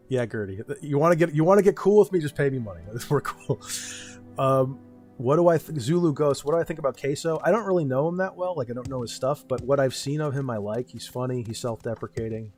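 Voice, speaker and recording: A man's voice: medium pitch, brisk, darkish tone, faint music behind. A young man streaming and talking with his chat in a blunt, profane, ranting way. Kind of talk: casual livestream chat.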